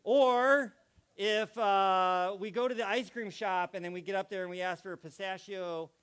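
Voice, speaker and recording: A man's voice: high-pitched, fairly even intonation, normal speed, fairly bright tone, smooth. A man giving a playful, interactive talk to a live congregation, acting out vocal inflections and quizzing the audience. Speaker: guest speaker at a spiritual community gathering.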